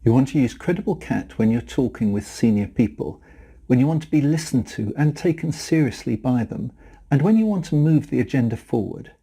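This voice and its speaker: Mellow husky man teaching communication. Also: medium pitch, brisk. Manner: demonstrates speaking styles, flat falling delivery then bouncy rising lilt. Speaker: communication trainer. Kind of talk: scripted instructional narration.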